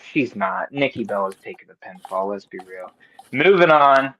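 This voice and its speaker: Animated man recapping wrestling. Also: on the low side. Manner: animated, swears, does quick voices of the people he quotes. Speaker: podcast co-host. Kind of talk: casual wrestling recap chat. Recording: dull lo-fi recording.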